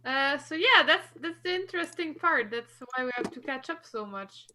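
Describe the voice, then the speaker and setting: A woman's voice: sits high, animated, normal speed, sharp tone. A woman playing a tabletop game, speaking playfully as her magic-user character and slipping in and out of character. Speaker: player. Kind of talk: in-character tabletop role-play.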